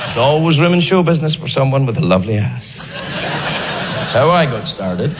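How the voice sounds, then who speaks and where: A man doing an animated stand-up bit, acting out characters in goofy voices. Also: a little high. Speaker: stand-up comedian. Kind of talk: stand-up comedy set. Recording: live hall recording with crowd noise.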